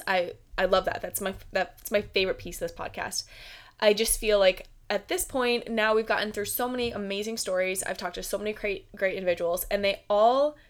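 A young woman from the United States hosting her own podcast, chatting casually with lots of "like" fillers and giggles. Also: mid-range voice. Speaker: podcast host. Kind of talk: casual solo podcast chat.

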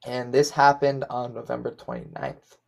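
A man's voice: mid-range voice, level tone, moderate pace, creaky. A young man co-hosting a casual podcast chat, talking in loose rambling runs full of fillers. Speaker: podcast co-host.

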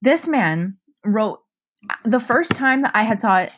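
A young woman co-hosting a podcast, telling a story in a casual, animated way that is full of swearing and "like". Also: fairly high pitch, measured pace. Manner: animated, profane, lots of "like". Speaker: podcast co-host.

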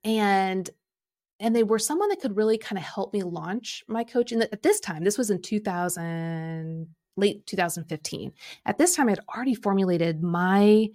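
A middle-aged woman coaching and telling a personal story in an animated way, acting out quoted lines. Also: mid-range voice, normal speed. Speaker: Enneagram coach and podcast host.

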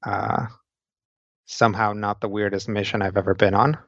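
A man narrating a tabletop game as game master, halting with many fillers and restarts. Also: lowish voice, flat delivery, a bit bright, no room sound. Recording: dry, dull lo-fi sound.

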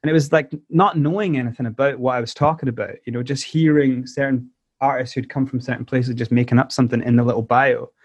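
Scottish man telling animated stories. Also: medium pitch, quick pace, breathy edge, no echo, dull audio. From South Africa. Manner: animated storyteller who acts out quoted voices. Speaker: musician guest. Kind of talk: casual interview storytelling.

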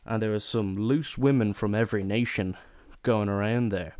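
A man's voice: on the low side, moderate pace, a little mellow, no echo. Young man telling a rowdy, cursing holiday story. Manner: swears a lot, acts out quotes in raised voices. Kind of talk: casual comedic anecdote.

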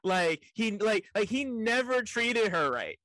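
A young man in casual chat, animated and profane, stammering repeats and laughing often. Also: high voice, unhurried, no room sound, low-quality recording.

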